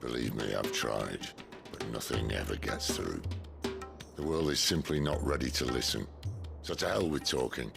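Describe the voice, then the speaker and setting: An actor playing a cynical middle-aged male rebel leader with a deep, gravelly voice and a wry, world-weary manner. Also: normal speed, full character voice. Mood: resolute. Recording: game audio with music behind.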